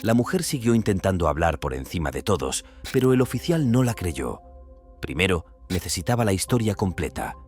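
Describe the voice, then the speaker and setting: Fast deep-voiced male narrator. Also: very animated. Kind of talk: scripted true-crime narration. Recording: narration over loud music.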